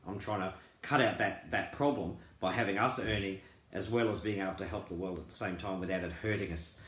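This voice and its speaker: A man's voice: sits low, fairly even intonation, brisk, a bit bright. Rambling earnest man in a roomy echo. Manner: rambling, earnest, many fillers and restarts. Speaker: crypto group founder. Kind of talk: casual promotional talk.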